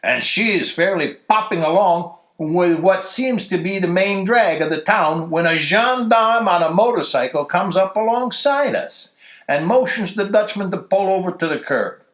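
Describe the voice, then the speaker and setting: A man reading a story aloud for a church story hour, telling it in a lively, expressive way, recorded in a church. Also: high-pitched, moderate pace, roomy sound. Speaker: story reader.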